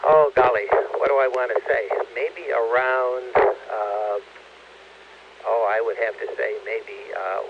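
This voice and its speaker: A man's voice: mid-range voice, muffled recording, a little hiss or hum. Enthusiastic man reporting over ham radio. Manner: enthusiastic, halting, many fillers. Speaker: amateur radio operator. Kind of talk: amateur radio net report.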